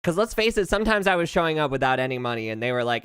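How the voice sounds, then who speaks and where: A streamer from the United States rants and jokes through casual gameplay chat. Pitch leaps up and down, and the voice stays smooth and clear. The sound is dry and close on a streaming mic. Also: very fast, no echo. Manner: animated, jokey, ranting, laughs often. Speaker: VTuber streamer.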